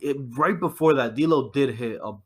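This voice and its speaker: A man's voice: mid-range voice, moderate pace. A man co-hosting a podcast, chatting casually and jokingly about a wrestling show, swearing freely. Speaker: podcast co-host.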